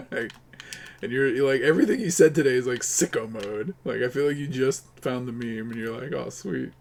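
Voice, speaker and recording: A man's voice: medium pitch, moderate pace, a little hiss or hum. A man live-streaming while gaming, chattering in a rambling, crude, joking way to his viewers.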